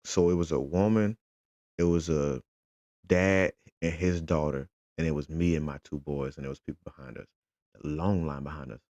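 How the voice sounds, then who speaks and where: Speaking at a moderate pace in a rumbling low voice, a dad retells his fan outing for a casual vlog, quoting and performing the exchanges he had with lively energy. The audio is dry and missing its high frequencies.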